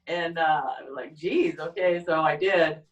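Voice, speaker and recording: A woman doing a stand-up comedy set with a rambling, halting deadpan delivery, often trailing off and restarting. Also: low voice, muffled recording. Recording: echoey room, far from the mic.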